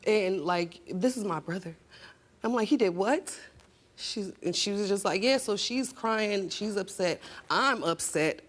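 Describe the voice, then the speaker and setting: A woman's voice: mid-range voice, unhurried. Upset woman guest telling her story. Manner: emotional, rising to shouting in arguments. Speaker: talk show guest. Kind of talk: emotional confrontational testimony.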